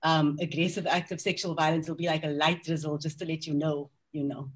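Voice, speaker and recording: A woman's voice: deep voice, level tone, fairly quick, husky. A woman author on a panel discussion, speaking candidly and reflectively about her novel, with frequent ums and restarts. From South Africa.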